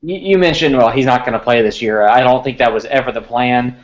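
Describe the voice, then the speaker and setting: A man's voice: mid-range voice, a little fast, lo-fi sound. A man who covers sports recruiting, chatting casually and restarting his sentences as he thinks. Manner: conversational, repeats words while thinking. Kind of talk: casual podcast chat.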